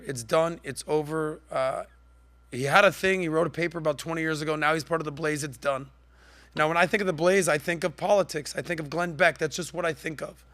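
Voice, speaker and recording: A man hosting his podcast with a bright, forceful voice that sits a little high. He talks in a sarcastic, mocking way and leaps up in pitch whenever he lands a jab. He is quick and animated throughout. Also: dry recording. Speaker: podcast host. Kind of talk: mocking commentary.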